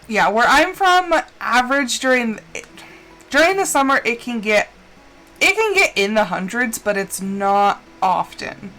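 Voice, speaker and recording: Chatty, animated woman streamer. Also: a little high, a little slow. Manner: rambling, chatty storytelling with frequent fillers; animated, playfully dramatic. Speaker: livestreamer playing a farming game. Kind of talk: casual chat while gaming.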